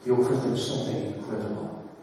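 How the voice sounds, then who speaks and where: A man's voice: medium pitch, fairly even intonation, fast, mellow, a little hiss or hum. A man preaching a sermon to his church in a conversational way, with fillers and restarts. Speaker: pastor. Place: church hall. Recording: echoey hall from far off.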